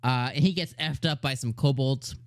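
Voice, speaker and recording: An anime reviewer talking in a casual, excitable way, laughing often and using heavy slang. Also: medium pitch, moderate pace, no echo, clean studio sound.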